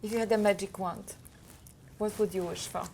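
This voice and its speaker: Gravelly-voiced woman interviewer. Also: mid-range voice, steady tone, moderate pace, darkish tone, slight background noise. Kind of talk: interview questions.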